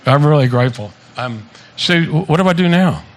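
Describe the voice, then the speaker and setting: A man in his seventies stands at a handheld microphone at his own party, spinning loose, profane family stories and laughing along with them. His voice sits a little high for a man. A faint murmur of room noise hangs behind him. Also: animated, fairly quick. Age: 70s. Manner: joking storyteller, swears freely, laughs at own stories. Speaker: birthday speaker. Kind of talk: casual party speech. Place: party venue with guests.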